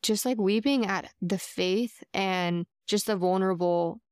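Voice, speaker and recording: A woman's voice: mid-range voice, unhurried, darkish tone, clear, resonant tone, no room sound, studio quality. A woman sharing a heartfelt personal faith story on a podcast, earnest and chatty, with lots of casual fillers. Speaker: podcast co-host.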